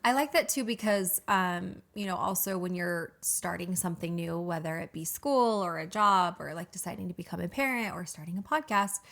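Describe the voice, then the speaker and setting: A woman's voice: fairly low pitch, normal speed, vocal fry, few pauses. A young woman guest on a podcast, talking casually and playfully, with lots of fillers. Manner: animated and playful, filler-heavy.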